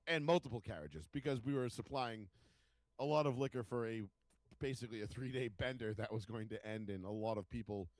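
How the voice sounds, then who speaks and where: A man's voice: mid-range voice, fairly quick, no room sound. A man, telling stories in casual podcast chat and swearing freely. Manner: storytelling, swears freely, acts out quotes. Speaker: podcast co-host.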